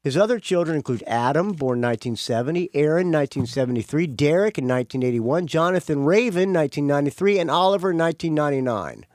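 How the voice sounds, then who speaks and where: Middle-aged man, podcast host, rambling offhand monologue, lively pitch, dry close sound. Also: fast, hardly any pauses, no echo. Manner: rambling, self-correcting, offhand.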